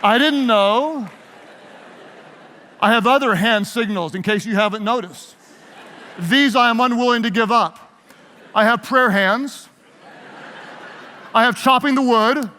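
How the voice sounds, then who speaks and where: A man's voice: very high-pitched, measured pace, long pauses, bright, forceful tone. A man preaching a leadership sermon, leading his audience in call-and-response. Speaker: pastor. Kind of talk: sermon-style leadership talk. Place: large hall with live audience. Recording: long hall reverb.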